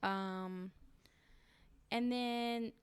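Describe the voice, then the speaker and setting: A woman's voice: on the high side, steady tone, very slow, clear, resonant tone. A young woman chatting casually as she recaps a reality show, opinionated and slangy, with lots of ums.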